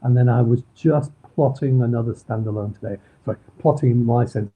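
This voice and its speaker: A man's voice: medium pitch, fairly quick, dark tone. A middle-aged man with a Manchester accent, a crime novelist chatting in an interview, rambling with lots of ums and restarts. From Manchester, England. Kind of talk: casual interview chat. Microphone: video call. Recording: husky, phone-like video call audio.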